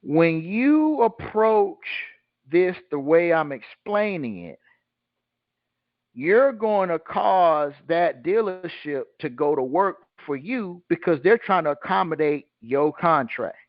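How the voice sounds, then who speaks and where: A man's voice: fairly high pitch, dry recording. Guy teaching on a call, blunt and slangy, dry, dull lo-fi sound. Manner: asks the listeners rhetorical questions and fills in the answers; blunt and colloquial. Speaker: host teaching a group call. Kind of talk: casual teaching talk.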